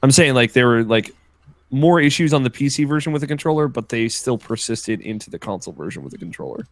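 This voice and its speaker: A man co-hosting a casual podcast chat, talking in a relaxed, rambling way with plenty of fillers. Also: mid-range voice, quick pace, no room sound. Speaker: podcast co-host.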